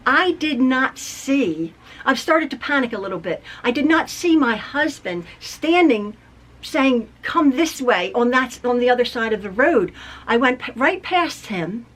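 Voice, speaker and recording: A woman's voice: high voice, animated, unhurried, a bit bright. A middle-aged woman vlogging, telling a personal story in a chatty way, with frequent ums, restarts and self-mocking laughs. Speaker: quilting vlogger. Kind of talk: casual storytelling to camera.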